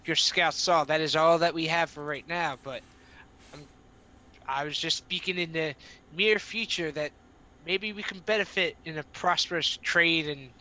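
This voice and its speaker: A man playing a polite, diplomatic adventurer envoy who talks hesitantly, full of pauses and restarts. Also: a little high, pushed and bright. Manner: hesitant, many uhs and restarts.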